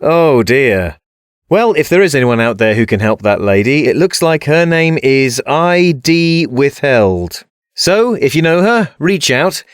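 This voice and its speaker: A man's voice: a little high, very animated, measured pace, smooth, no echo, clean studio sound. A man hosting a scripted comedy podcast in a wry, theatrical way.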